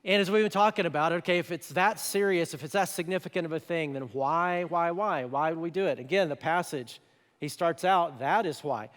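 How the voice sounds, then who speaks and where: Guy pastor giving a chatty sermon, kinda high voice, big echoey church hall. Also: brisk. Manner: conversational, animated, with voiced asides. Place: church auditorium. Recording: church hall with long reverb.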